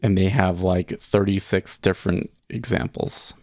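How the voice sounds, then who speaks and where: Dry gravelly male livestreamer. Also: sits low, fairly even intonation, a little slow, darkish tone, no room sound. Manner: rambling, self-interrupting. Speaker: livestream host. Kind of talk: casual livestream chat.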